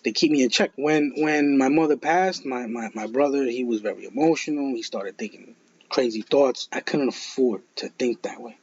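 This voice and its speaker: A man's voice: medium pitch, normal speed, husky. A man in his thirties co-hosting a podcast, giving blunt, profane advice in casual chat. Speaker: podcast co-host. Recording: dull lo-fi podcast audio.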